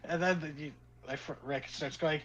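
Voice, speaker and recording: A man's voice: on the high side, normal speed, rough recording. A man narrating as game master of a tabletop game, telling a rambling story full of "like" and acted-out quotes. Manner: rambling, animated storyteller with frequent "like".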